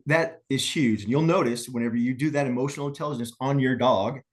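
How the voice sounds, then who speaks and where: This is a fast-talking middle-aged man with a mid-range voice, interviewed on a podcast as a business coach. His storytelling is peppered with "right?" tag questions to check in with the listener.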